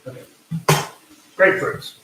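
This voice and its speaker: Cooking live in his home kitchen, a male host rambles casually and pokes fun at himself. He speaks in an unhurried way over a noisy background, with the mic placed far off in an echoey room.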